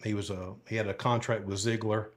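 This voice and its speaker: Folksy older man, low voice. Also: little pitch movement, a little fast. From Alabama. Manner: folksy, rambling, with many fillers and asides. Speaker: podcast guest, retired sheriff's deputy. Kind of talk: casual storytelling interview.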